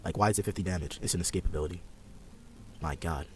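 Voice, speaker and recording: Low-voiced laid-back young man. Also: fast, slight background noise. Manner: laid-back, rambling, sarcastic. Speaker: podcast host. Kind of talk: casual gaming chat.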